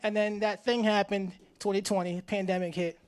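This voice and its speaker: Man, farmer, live stage storytelling, slangy, animated, talks to the crowd. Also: sits high, normal speed, smooth. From Hartford, Connecticut, USA.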